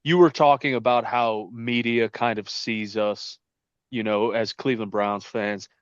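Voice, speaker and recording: A man co-hosting a casual sports chat, talking in an animated, profane, mocking way. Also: on the low side, a little slow, clean tone, dry recording, lo-fi sound. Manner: animated, profane, mocking, rants with quoted jeers. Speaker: podcast co-host.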